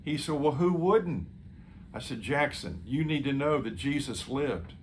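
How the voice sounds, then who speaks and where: A man's voice: medium pitch, lively intonation, a little slow, a little hiss or hum. A man speaking as a pastor, earnestly telling a story in a sermon and quoting what he said to someone. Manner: earnest, quoting his own words to others.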